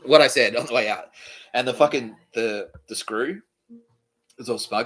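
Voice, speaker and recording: Brash, bright-voiced man. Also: mid-range voice, normal speed, slightly rough, poor audio. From Australia. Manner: swearing, laughing at his own jokes, mimicking others. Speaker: podcast host. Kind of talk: profane comedic storytelling.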